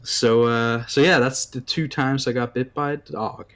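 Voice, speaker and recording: A man's voice: medium pitch, steady tone, measured pace, fairly bright tone. A young man co-hosting a podcast, chatting in an easygoing way, laughing along and making joking asides. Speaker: podcast co-host. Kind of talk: casual chat.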